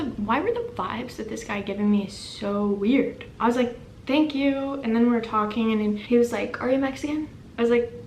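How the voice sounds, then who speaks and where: A young woman vlogger telling a story in casual, animated, self-deprecating chat. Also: on the high side, a little hiss or hum. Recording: echoey room with faint ambience.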